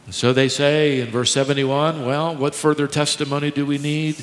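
A man preaching a sermon, dramatic, swinging between quiet and loud delivery. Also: a little high, flat delivery, normal speed. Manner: dramatic preaching with sharp swings in volume and pace. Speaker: pastor. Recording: echoey hall with long reverb.

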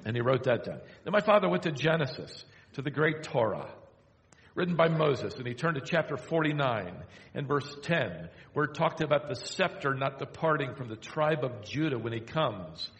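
An older man preaching a sermon, telling a story and slowing down to quote scripture. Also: mid-range voice, animated, fairly bright tone. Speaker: pastor. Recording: echoey hall.

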